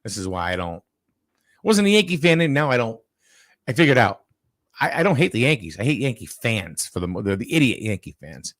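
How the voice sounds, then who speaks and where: Guy from new england telling a wild story, voice jumps all over, super animated. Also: mid-range voice, fairly quick, no echo, studio quality. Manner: animated storyteller, acts out quoted people loudly. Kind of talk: casual chat, storytelling.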